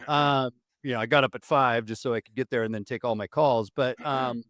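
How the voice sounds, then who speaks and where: A man co-hosting a podcast in casual chat, animated and teasing, laughing often. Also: mid-range voice, a little fast, dry recording, studio quality. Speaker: podcast co-host.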